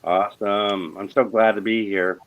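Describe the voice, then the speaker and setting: A man from the United States introducing himself as a guest on a video call, easygoing and relaxed. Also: lowish voice, normal speed, slight background noise. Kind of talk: casual self-introduction.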